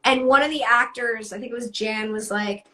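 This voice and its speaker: A woman's voice: fairly high pitch, fairly even intonation, normal speed, bright, forceful tone. A woman in her thirties, a guest voice actor, talking in a rambling, self-deprecating way full of "like". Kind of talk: casual interview chat.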